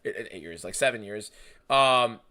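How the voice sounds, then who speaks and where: A young man hosting a live fight watchalong stream, talking casually and excitedly, swearing a lot and reading out viewer messages. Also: lowish voice, normal speed. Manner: excitable, profane, reads chat aloud.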